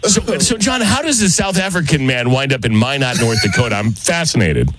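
A man's voice: medium pitch, very animated, brisk, noisy background. A man hosting a radio show, chatting playfully with callers and teasing them with lots of laughter. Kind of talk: playful on-air chat with callers.

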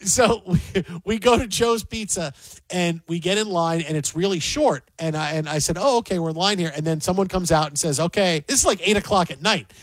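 This man talks high in his range, and the sound is close and dry. He's a sports talk host on a roll, telling stories and ranting in loose banter with his co-hosts. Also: normal speed, no echo. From Detroit area. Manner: animated, ranting storyteller.

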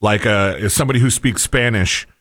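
A man's voice: on the low side, brisk, fairly bright tone, no echo, studio quality. A man from the United States co-hosting a casual talk show, rambling and hesitant with many fillers. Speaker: podcast co-host.

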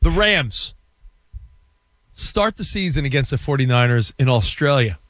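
A man co-hosting a sports radio show, chatting in an animated, excitable way and running through a team's schedule. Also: mid-range voice, measured pace, no room sound. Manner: animated, jumps between excited bursts and asides. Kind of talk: casual sports talk banter.

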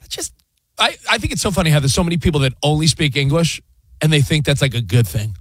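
A man's voice: a little high, fast, breathy edge, no echo. A man co-hosting a sports radio show, rambling in casual banter with plenty of fillers. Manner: animated, rambling, with lots of fillers and sound effects. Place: radio studio. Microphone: studio mic.

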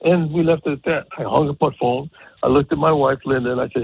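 A man in his seventies, a retired baseball coach, telling stories on a radio show in a rambling, animated way with many restarts. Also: fairly high pitch, fast, vocal fry, breathy edge, no room sound. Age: 70s. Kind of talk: casual radio interview. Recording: tinny phone line.

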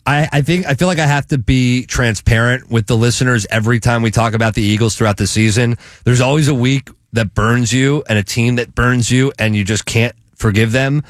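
Man, betting show host, casual chat, enthusiastic, halting restarts, dry sound. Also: mid-range voice, no echo.

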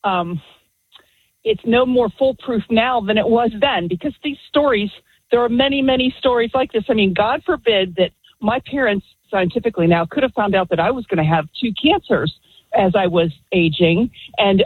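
Female radio caller, emphatic and earnest, husky, heard over a thin phone line. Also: medium pitch, moderate pace, no echo. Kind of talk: call-in radio talk. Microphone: telephone.

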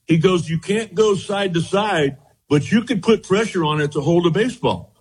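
Husky older man telling stories. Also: high voice, moderate pace. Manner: animated storyteller, acts out quoted dialogue. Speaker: former pitcher, guest. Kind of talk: storytelling interview.

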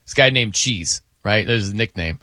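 A man's voice: lowish voice, normal speed, pushed and bright, no echo, studio quality. A man hosting a radio show, chatting casually with a co-host, laughing and mimicking how people pronounce words. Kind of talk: casual on-air banter.

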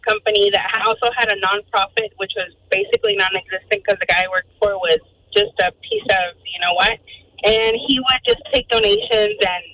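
Female caller, animated storyteller, bright and quick, acts out every quote. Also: mid-range voice, slight background noise, poor audio. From Arizona, USA. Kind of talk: telling a story on a radio call-in.

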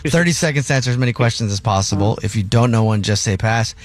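A man's voice: on the low side, fast talker. A man hosting a morning radio show, running a quiz and joking with his co-hosts. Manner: laid-back, joking, laughs often. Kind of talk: casual radio banter.

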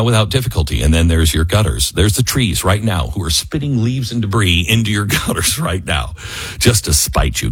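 A man's voice: lowish voice, slightly rough, no room sound. A man hosting a talk radio show, delivering an opinionated monologue and live ad reads, often mocking people with put-on quotes.

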